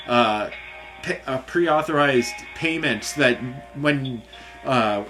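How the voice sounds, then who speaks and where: A man's voice: medium pitch, fairly bright tone. A young man venting angrily in a casual rant, swearing often, restarting his sentences and mocking the people he quotes. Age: young adult. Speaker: vlogger.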